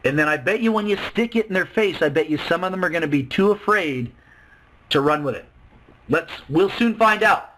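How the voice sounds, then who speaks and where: A man giving an excited sales pitch to a webinar audience, full of rhetorical questions. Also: a little fast, a little hiss or hum, rough recording. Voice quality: excitable, salesy, acts out quoted voices. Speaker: webinar presenter.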